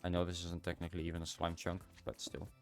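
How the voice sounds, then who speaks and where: A young man with a deep voice chatting casually and a bit tiredly to himself while streaming a game. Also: monotone, fast, soft background music. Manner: rambling, self-talking, tired. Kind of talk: casual gaming livestream chat.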